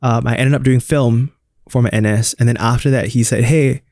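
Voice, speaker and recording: A man in his thirties from Singapore speaks in an open, reflective way as an interview guest, often poking fun at himself. His voice sits at an ordinary pitch for a man. The recording is dry and close, with little room sound. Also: steady tone, a little fast, darkish tone, dry recording. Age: 30s. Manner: open, reflective, self-deprecating. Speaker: radio DJ and guest. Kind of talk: candid interview conversation.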